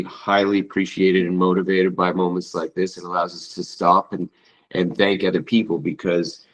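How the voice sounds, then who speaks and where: A man's voice: sits low, poor audio. A middle-aged man from Canada, a guest in a casual video-call interview, speaking in a heartfelt, emotional way and searching for words. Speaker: interview guest, accessibility advisor.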